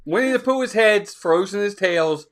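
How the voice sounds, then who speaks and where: A man's voice: high voice, expressive, moderate pace. A man hosting a casual live stream, upbeat, laughing often and greeting viewers by name. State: out of breath.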